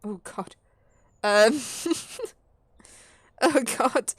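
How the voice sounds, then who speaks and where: A woman's voice: a little high, very slow, husky, no room sound, clean studio sound. A woman casually commenting on a game she plays through, chatty and giggly in her asides. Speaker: let's-play host. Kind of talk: casual game playthrough commentary, reading all parts.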